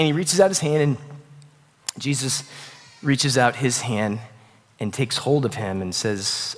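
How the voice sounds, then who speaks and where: A man preaching a sermon in a casual, conversational way, swinging between loud bursts and quiet, hushed passages. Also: mid-range voice, a little slow, long pauses, big-room sound. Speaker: pastor. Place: church sanctuary.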